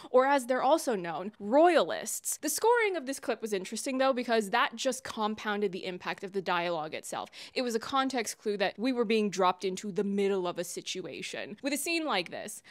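A woman commenting on a TV clip in a casual vlog, opinionated and playfully dramatic. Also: mid-range voice. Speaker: YouTube commentator.

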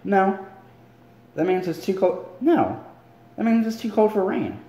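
A man's voice: sits high, very animated, a little slow, warm tone, roomy sound, voice pushed up, full character voice. A man voicing a sarcastic teenage girl in a raised, girlish voice, reading aloud from a book. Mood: grumpy.

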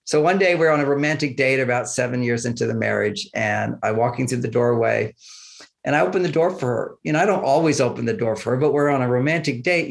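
A man with a mid-range voice and noticeable vocal fry is a guest on an interview, swapping relaxed anecdotes about relationships. He performs the quoted lines of dialogue and laughs softly throughout.

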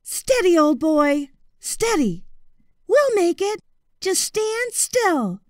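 A woman voicing a brave young boy in a storybook reading, urging and reassuring in a high voice. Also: big pitch swings, takes it slowly, darkish tone, dry recording, clean studio sound, heavily acted. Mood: urgent. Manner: urgent, reassuring. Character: brave young boy rescuer, calm and steady.

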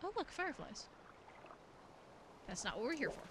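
Woman let's play host, rambling and self-mocking, high expressive voice. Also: normal speed, noisy background. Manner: chatty, rambling and self-deprecating. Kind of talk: casual gameplay commentary. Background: game music.

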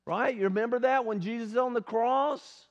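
A man's voice: very high voice, normal speed. A male pastor giving an earnest, conversational sermon at a church service, often asking the congregation questions. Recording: dull lo-fi sermon recording.

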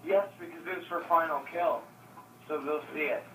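Man gamer, bright and eager, asks lots of questions, heard from a distance in an echoey room. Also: fairly high pitch, fairly even intonation, moderate pace, slight background noise. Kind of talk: casual chat while gaming. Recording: distant roomy phone recording. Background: game sounds from a TV.

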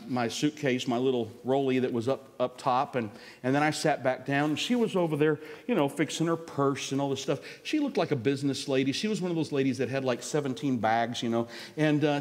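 A man preaching a sermon, telling a story in a folksy way and acting out the voices of the people in it. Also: mid-range voice. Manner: folksy, animated, acts out quoted voices. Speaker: guest preacher. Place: large church sanctuary. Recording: church hall with long reverb.

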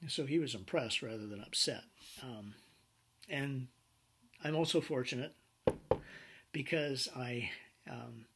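A man lecturing a business class with animated personal anecdotes, acting out what people said. His voice is husky and mid-pitched. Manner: animated storyteller acting out quoted dialogue. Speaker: business instructor.

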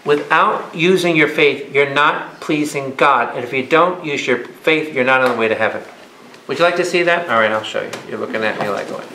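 Speaking briskly in a mid-range voice with a sharp tone, a male priest runs a Bible study before a live audience in a meeting room or church hall, emphatic and constantly questioning his listeners. The echoey room carries slight background noise.

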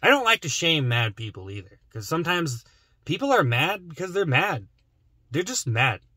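Man, young adult, rambling comedic vlog, parked car, forceful bright voice, dry. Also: fairly high pitch, sing-song, moderate pace, husky, no echo. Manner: rambling, joking, mumbles asides. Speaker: vlogger.

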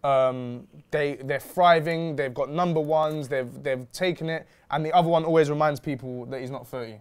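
A man's voice: on the high side, normal speed, clean tone. A man hosting a chat show, brash and teasing, swearing freely. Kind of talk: casual chat.

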